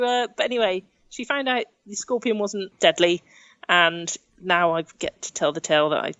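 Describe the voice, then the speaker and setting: A woman's voice: on the low side, fairly even intonation, moderate pace, fairly bright tone, no echo, dull audio. A young woman from England telling travel stories in a chatty way. She laughs often and acts out the things people said. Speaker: podcast guest, adventurer. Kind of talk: casual storytelling in an interview.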